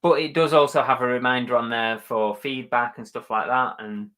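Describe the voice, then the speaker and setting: Upbeat male livestream host, bright tone, casual chat. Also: mid-range voice, steady tone, normal speed. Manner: chatty, upbeat, laughs easily. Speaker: reseller channel host. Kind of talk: live-stream chat reading viewer comments.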